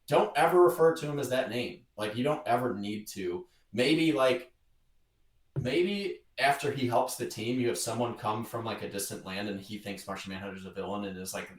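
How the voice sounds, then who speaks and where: A man's voice: on the low side, distant mic. A man co-hosting a podcast in casual chat, laughing often and acting out quoted lines. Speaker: podcast co-host. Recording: roomy and off-mic.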